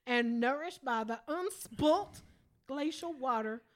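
A woman putting on a Southern accent to grandly read bottle copy, like a drawling belle reading an ad, slow and theatrical. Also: high voice, animated. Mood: grandiose. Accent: put-on Southern US.

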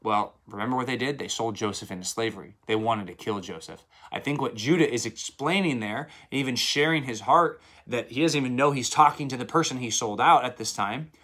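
Male Bible teacher, conversational devotional, mid-pitched, animated retelling. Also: brisk, hardly any pauses. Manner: retells scripture in lively paraphrase with acted quotes.

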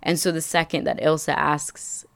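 A woman's voice: low voice, flat delivery, moderate pace, gravelly, no echo. A young woman co-hosting a podcast, chatting casually and gushing as she recaps a movie and acts out the characters' lines. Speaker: podcast co-host.

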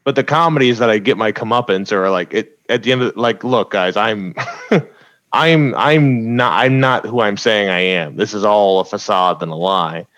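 A stand-up comedian talks casually about his jokes on a podcast, laughing often between points and tossing in quick asides. His voice sits on the low side and is a bit bright, with a dry recording through a podcast mic.

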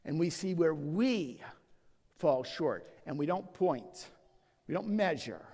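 A man's voice: on the high side, lively intonation, slow pace, a little mellow. A man preaching a sermon as pastor, emphatic and full of rhetorical questions and personal stories. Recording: long church reverb.

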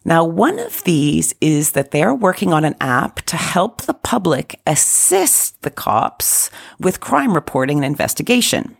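Chatty woman, low lively voice. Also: unhurried, gravelly, breathy edge. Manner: chatty, laughs often, explains step by step. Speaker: podcast co-host. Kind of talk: casual chat.

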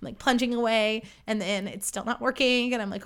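A woman's voice: fairly high pitch, steady tone, quick pace, hardly any pauses, a bit bright, smooth. A young woman hosting her own podcast, telling a story in a chatty, self-deprecating way and swearing freely. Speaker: podcast host. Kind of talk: casual storytelling monologue.

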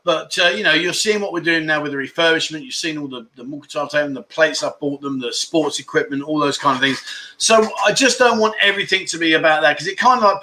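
A middle-aged man with a fairly high, bright, forceful voice, chatting loosely to a livestream audience. He bounces through viewer comments with cheeky, self-deprecating humour and easy banter. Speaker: livestream chat show host. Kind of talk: casual livestream chat reading viewer comments.

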